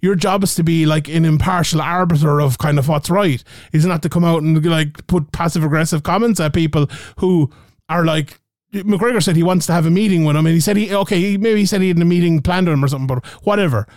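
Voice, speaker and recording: A man's voice: fairly high pitch, quick pace, darkish tone, no echo, studio quality. A man co-hosting a casual podcast, ranting animatedly and swearing freely. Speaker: podcast co-host.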